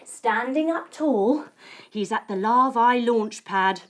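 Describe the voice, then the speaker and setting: A woman's voice: a little high, expressive, takes it slowly. A woman leading a children's yoga lesson as a story, playful and encouraging. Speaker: kids' yoga teacher.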